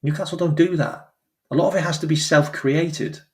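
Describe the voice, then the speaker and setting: A man's voice: fairly high pitch, normal speed. Emphatic man ranting about football. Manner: animated, emphatic, repeats phrases, acts out quoted voices. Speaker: football channel host. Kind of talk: casual opinion commentary.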